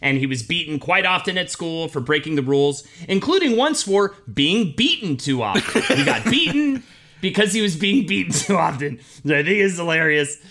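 A man's voice: fairly high pitch, moderate pace. A man hosting a casual podcast, narrating a biography with jokes. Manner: animated, joking. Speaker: podcast host.

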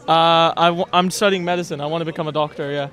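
A man's voice: fairly high pitch, fairly even intonation, quick pace, a bit bright. A young man, a medical student, chatting easily on a city street and laughing along with the jokes. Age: young adult.

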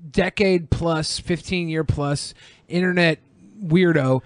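A man co-hosting a podcast, explaining things in a measured way with some fillers. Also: on the high side, fairly even intonation, dry recording. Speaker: co-host. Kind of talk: casual podcast banter.

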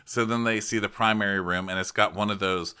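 A man's voice: on the low side, fairly even intonation, a little fast, pushed and bright, smooth. A man co-hosting a comedy podcast, recapping a show in a casual, teasing, sarcastic way. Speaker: podcast co-host.

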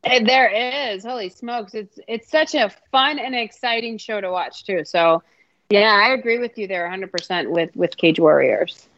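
A woman's voice: medium pitch, animated, moderate pace, a bit bright, no room sound, muffled recording. A woman co-hosting a casual sports podcast, speaking with emphatic enthusiasm. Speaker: podcast co-host.

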